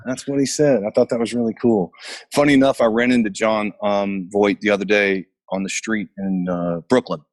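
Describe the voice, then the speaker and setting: Speaking at normal speed in a fairly low, steady tone, a middle-aged Memphis-born actor tells stories as an interview guest. He's laid-back and wandering, full of fillers and restarts, and he's on a remote call from his basement.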